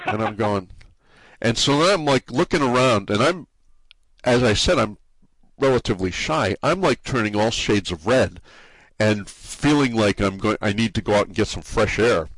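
Halting New England man, dry and close. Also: on the low side, animated, a bit bright, dry recording. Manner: halting, many restarts and repeated words. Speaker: forum site owner being interviewed. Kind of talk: casual conversational interview.

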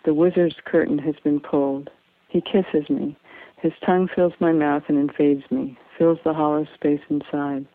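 A woman's voice: low voice, steady tone, moderate pace. Woman reading a memoir over a tinny line. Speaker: memoir reader. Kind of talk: first-person story reading. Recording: tinny phone-like dry sound.

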